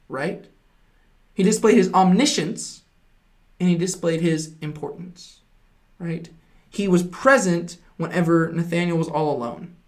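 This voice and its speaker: A Bible teacher explaining a passage earnestly, stressing points with repeated phrases and frequent "right?" check-ins. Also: mid-range voice.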